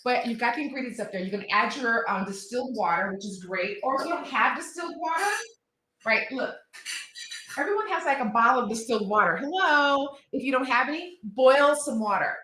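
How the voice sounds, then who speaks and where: A woman speaks as a guest expert on a live show, bright and forceful in tone. She talks in a chatty, emphatic way, full of fillers and asides. The sound carries a noticeable room echo. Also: on the high side, lively intonation, a little fast, a little hiss or hum. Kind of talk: casual TV segment demo.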